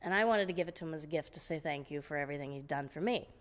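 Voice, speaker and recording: Animated woman telling a story. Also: deep voice, rapid-fire. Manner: animated, laughing storyteller with frequent restarts. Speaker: guest vocalist. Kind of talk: casual interview storytelling.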